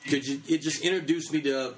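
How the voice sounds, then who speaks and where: A man putting on a relaxed, friendly Jesus who makes an unannounced visit to a church. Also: on the high side, brisk, a little hiss or hum, close to an everyday voice, rough recording. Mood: approving. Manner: relaxed, reassuring, casual.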